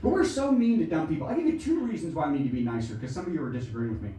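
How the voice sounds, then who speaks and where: A middle-aged American man doing stand-up comedy on a small theatre stage, talking in an animated, exaggerated way and acting out characters. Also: very fast. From United States. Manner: animated, exaggerated, acts out shrill voices. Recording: echoey room mic'd from a distance. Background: audience laughter.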